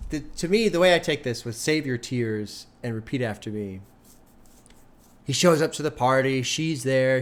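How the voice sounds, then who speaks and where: An older man hosting an album reaction, thinking aloud in a loose, conversational way and swearing casually. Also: medium pitch. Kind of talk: casual music reaction commentary. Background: music playing faintly.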